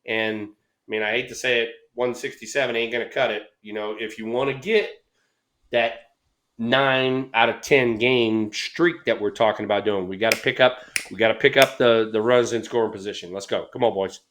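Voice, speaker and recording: A man's voice: medium pitch, normal speed. A middle-aged man co-hosting a casual baseball talk show, telling stories with acted-out voices and plenty of swearing. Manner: animated storyteller, acts out voices, swears freely. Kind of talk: casual storytelling chat.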